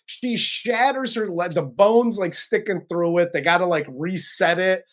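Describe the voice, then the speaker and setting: A host recapping and reviewing a horror film in casual chat, profane and animated. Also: mid-range voice, measured pace. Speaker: podcast host.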